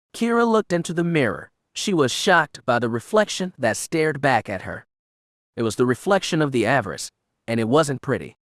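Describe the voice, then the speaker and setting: A man narrates an audiobook in a steady, measured way. His voice sits at a middle pitch. The recording is dry and close, with no echo.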